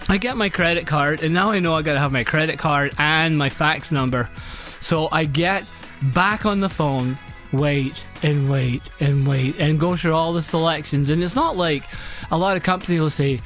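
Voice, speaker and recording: A man's voice: a little high, normal speed, a bit bright, soft background music. A man hosting a podcast, telling a story in a casual, exasperated way and repeating phrases as he recounts each step. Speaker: podcast host.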